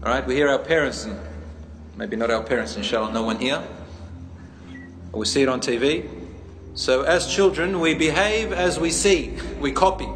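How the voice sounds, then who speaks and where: A man's voice: medium pitch, normal speed, pauses often, slight background noise. A man, a teacher, giving a sermon, telling stories and asking his audience questions. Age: adult, a teacher. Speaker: preacher. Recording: echoey hall, faint ambience.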